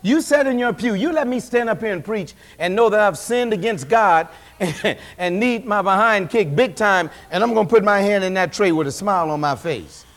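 A man preaching a sermon as senior pastor, animated, acting out voices and swinging from hushed tones to shouts. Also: high-pitched, moderate pace, big-room sound. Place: church sanctuary.

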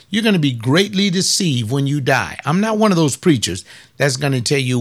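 A middle-aged male preacher delivering a combative, scornful sermon, firing off rapid bursts and drawing out words for emphasis. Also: a little high, big pitch swings. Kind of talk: fiery sermon.

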